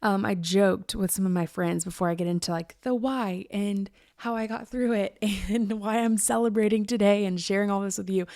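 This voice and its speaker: A woman's voice: mid-range voice, fairly even intonation, moderate pace, few pauses, a little mellow, no echo, clean studio sound. A woman in her thirties hosting her podcast, talking candidly in a chatty, emphatic way and laughing often. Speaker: podcast host. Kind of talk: candid casual monologue.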